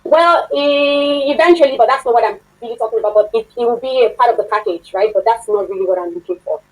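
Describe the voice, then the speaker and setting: Woman instructor, slightly high voice, chatty online class lecture, quizzes her students. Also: fast, poor audio. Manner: chatty, laughs often, asks the class questions. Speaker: workshop instructor.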